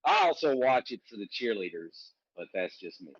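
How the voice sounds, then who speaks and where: A man's voice: on the low side, big pitch swings, moderate pace, no echo. Southern guy from alabama, joking around on a stream, bouncy voice, kinda muffled dry audio. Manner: joking, teasing banter. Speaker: livestream host. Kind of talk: casual chat.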